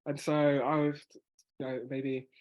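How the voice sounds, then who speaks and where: Fast-talking man coaching spoken word. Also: fairly high pitch, level tone, muffled recording. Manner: fast talker with restarts. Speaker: spoken word workshop leader. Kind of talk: casual teaching on a video call.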